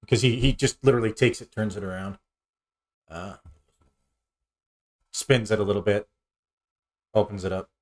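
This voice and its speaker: A man narrating a tabletop role-playing game as game master, animated and often restarting his sentences. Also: fairly low pitch, moderate pace, long pauses.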